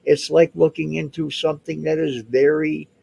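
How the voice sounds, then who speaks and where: A man's voice: a little high, flat delivery, moderate pace, creaky, mellow, slightly rough. Rambling older man in his seventies. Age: 70s. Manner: rambling storyteller with frequent restarts. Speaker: guest recounting past events. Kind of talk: casual chat.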